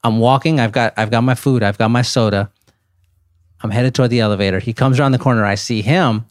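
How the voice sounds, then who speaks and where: Animated man telling a wild story. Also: mid-range voice, fast, no room sound, studio quality. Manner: animated storyteller, rises into disbelief. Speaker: podcast guest. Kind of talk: casual storytelling.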